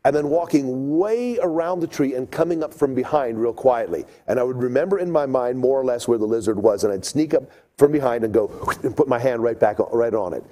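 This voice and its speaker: Animated storytelling man, mellow voice. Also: medium pitch, brisk. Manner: animated, acts out voices and sounds. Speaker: speaker telling a childhood story. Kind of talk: storytelling talk to an audience.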